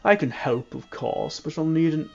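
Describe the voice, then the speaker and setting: A man doing a calm Irish voodoo man. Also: on the high side, moderate pace, vocal fry, muffled recording, voice pushed up. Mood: reassuring. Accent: put-on Irish. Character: calm middle-aged male voodoo practitioner. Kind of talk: reading game dialogue aloud.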